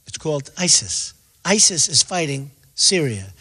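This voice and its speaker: A man's voice: fairly high pitch, big pitch swings, normal speed, pushed and bright, breathy edge. A man giving rambling, repetitive, emphatic answers as a candidate fielding questions. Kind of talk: rambling stump-speech answers. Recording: echoey hall.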